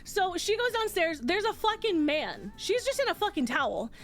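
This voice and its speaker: High-pitched, animated woman streamer. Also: moderate pace, faint music behind. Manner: animated, swears freely, laughs often. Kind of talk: casual chat, retelling a book.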